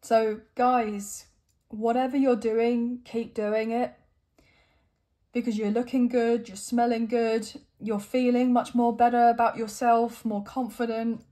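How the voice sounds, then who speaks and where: A woman's voice: fairly high pitch, little pitch movement, takes it slowly, mellow. A young adult woman giving an encouraging, emotional tarot reading to her viewers, at times choked up. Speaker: tarot reader.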